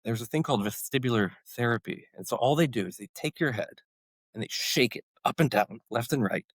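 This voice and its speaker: A man's voice: medium pitch, animated, fairly quick, slightly rough, no room sound, poor audio. A man in his forties, a former special forces medic, telling his story as a podcast guest and acting out his own past outbursts. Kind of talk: storytelling interview.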